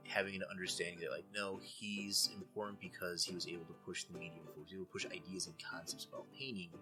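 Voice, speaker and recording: Male co-host, art teacher, very low voice, relaxed and reflective explainer. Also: quick pace, over music. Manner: easygoing, thoughtful, explains with many fillers. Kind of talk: casual chat about art.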